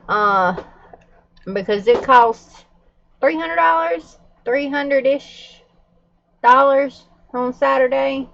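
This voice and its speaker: A woman's voice: high voice, slow pace, creaky, a bit bright, highs cut off. A middle-aged woman, chatting candidly to her viewers with frequent fillers and laughs. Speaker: vlogger. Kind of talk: casual chat to camera.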